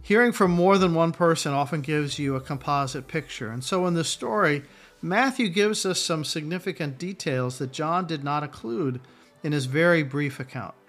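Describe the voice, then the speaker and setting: A man's voice: on the high side, moderate pace, fairly bright tone. A middle-aged man preaching a sermon in a conversational way, acting out quotes along the way. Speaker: pastor.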